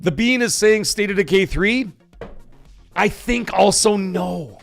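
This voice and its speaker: This livestream host has a high-pitched, creaky voice and talks slowly with long pauses, faint music in the background. Though excitable and quick to swear as he reads viewer donations aloud, he gets emotional and his voice catches.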